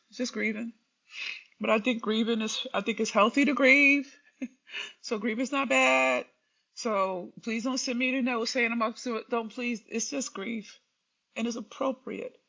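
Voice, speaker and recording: A woman's voice: a little high, creaky, bright, forceful tone, highs cut off. A woman talking candidly to her livestream viewers, rambling and emotionally raw. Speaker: livestream host. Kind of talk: unscripted livestream talk.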